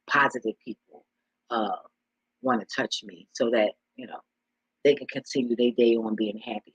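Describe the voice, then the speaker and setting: A man's voice: mid-range voice, sharp tone, breathy edge, no room sound, muffled recording. A man vlogging in casual chat, rambling with frequent swearing and repeated words.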